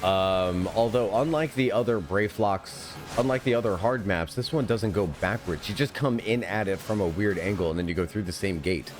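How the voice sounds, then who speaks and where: A man with a fairly low voice streams an online game live. He chats and laughs easily with his viewers and teammates. Game music plays faintly behind him. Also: normal speed, hardly any pauses. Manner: chatty, giggly, talks to chat and teammates. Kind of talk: live gameplay commentary.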